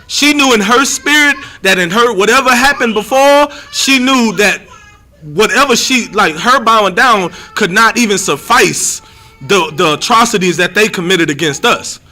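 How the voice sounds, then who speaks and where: A young man giving a livestreamed scripture teaching as a street preacher, animated and rambling, often repeating himself. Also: high-pitched, normal speed, soft background music.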